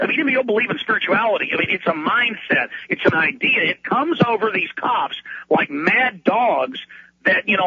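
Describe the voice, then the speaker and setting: A man's voice: high voice, husky. A male radio talk show host delivering a heated, ranting monologue, stumbling over and repeating words as he gets worked up. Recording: dull lo-fi radio recording.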